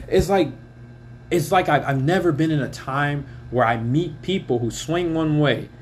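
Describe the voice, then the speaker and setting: A man's voice: on the high side, slight background noise. A man hosting a podcast, ranting bluntly in a casual monologue, swearing often and telling stories with a lot of energy. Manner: blunt, heavy swearing, animated storytelling. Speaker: podcast host.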